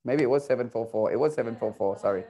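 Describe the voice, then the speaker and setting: A man teaching an Arabic class online, playful and coaxing, repeating words slowly for his students. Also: medium pitch, warm tone.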